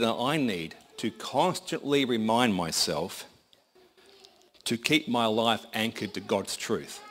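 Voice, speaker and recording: A man's voice: fairly low pitch, a little hiss or hum. A man preaching a sermon in a conversational, folksy storytelling manner.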